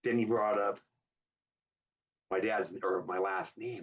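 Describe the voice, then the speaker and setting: A man's voice: lowish voice, slow, husky. A man in his fifties from Southern California, a guest on an interview telling stories and acting out the voices of the people in them. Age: 50s. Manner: animated storyteller who acts out quoted dialogue in a raised voice. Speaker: guest, hot rod builder. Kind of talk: casual interview storytelling. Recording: slightly distant, dull lo-fi sound.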